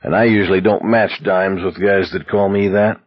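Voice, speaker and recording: A man voicing a calm, sly young man with a dry, sardonic wit in a slightly muffled recording. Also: deep voice, normal speed, dry recording, faint music behind. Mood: teasing.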